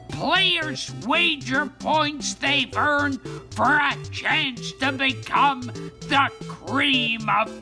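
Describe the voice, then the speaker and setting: A woman with an Australian accent reading out the game rules in a scripted, drawn-out way. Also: sits high, vocal fry, heavily acted. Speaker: rules reader.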